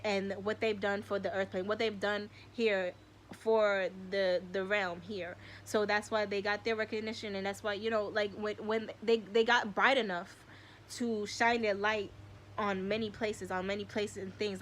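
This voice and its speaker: A young woman hosting a spiritual live stream, speaking in an excitable, slangy way and swearing often. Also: mid-range voice, slight background noise.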